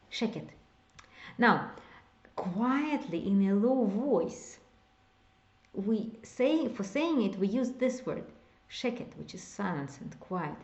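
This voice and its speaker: A woman's voice: medium pitch, a little mellow, reverberant, highs cut off. A woman teaching a beginners' language lesson, explaining step by step and repeating example phrases. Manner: explains slowly, repeats example phrases, whispers some words to demonstrate. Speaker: Hebrew teacher.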